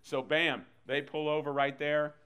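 A man's voice: on the high side, little pitch movement, unhurried, fairly bright tone, clear, resonant tone. A man preacher giving a sermon, telling stories animatedly with sudden bursts and chuckles.

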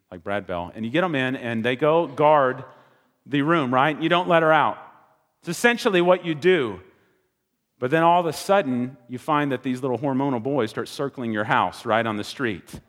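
A man in his thirties preaching a sermon, telling lively stories and getting loud when he makes a point. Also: medium pitch. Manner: animated storytelling, rising to loud exclaiming. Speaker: pastor. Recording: long hall reverb.

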